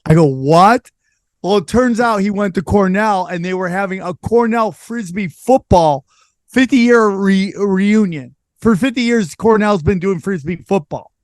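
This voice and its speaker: High-voiced man telling animated stories. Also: normal speed, no echo, studio quality. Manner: animated, acts out quotes with voices. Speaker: podcast host. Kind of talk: casual storytelling chat.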